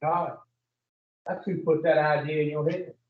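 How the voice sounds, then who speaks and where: High-voiced man preaching bluntly in an echoey room. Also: steady tone, measured pace. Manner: blunt and profane, peppers the group with questions. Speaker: addiction recovery speaker. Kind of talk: preaching-style group talk. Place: room with a group. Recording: echoey room, distant muffled mic.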